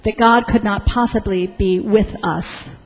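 A woman pastor preaching a sermon in a church sanctuary, telling a story slowly with deliberate pauses. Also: mid-range voice, fairly even intonation. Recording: long church reverb.

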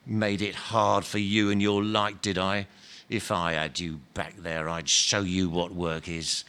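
A self-righteous male ghost, put on by a man reading a story aloud, sounds indignant and stubborn. His talk is blunt and ungrammatical, full of grievance. The voice sits somewhat higher and pushier than the reader's own. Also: level tone, unhurried, bright, forceful tone, heavily acted. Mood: scornful. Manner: indignant, insistent, ungrammatical working-class talk. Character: bitter aggrieved male ghost, former workman, self-righteous. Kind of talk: dramatic reading of a novel.

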